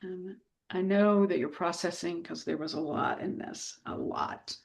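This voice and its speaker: A woman hosting a coaching group on a video call, effusive and quick to laugh. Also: fairly low pitch, gravelly. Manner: warm, effusive, laughs often.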